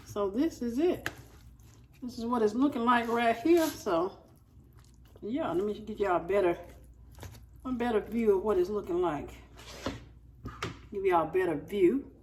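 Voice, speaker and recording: A woman's voice: medium pitch, a little slow, long pauses, a little mellow, distant mic, slight background noise. Chatty woman cooking at home. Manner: chatty, talks straight to viewers as y'all. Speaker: cooking vlogger. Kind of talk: casual chat while cooking and tasting.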